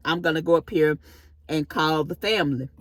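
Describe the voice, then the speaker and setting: A woman voicing a calm, firm senior nurse who speaks in a steady, matter-of-fact way. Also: low voice, moderate pace, no room sound, studio quality.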